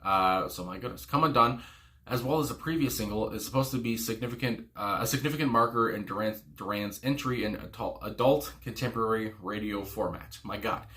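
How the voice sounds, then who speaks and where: A man's voice: lowish voice, fairly quick, bright, forceful tone. A man hosting a music reaction video, rambling casually with lots of "you know" fillers and frequent exclamations. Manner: exclaims "my God" often.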